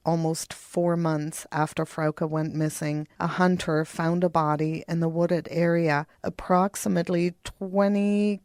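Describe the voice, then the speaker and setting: A woman co-hosting a true crime podcast, reading out a phone call in a somber, measured way. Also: low-pitched, a little mellow, no room sound, clean studio sound. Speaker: podcast co-host.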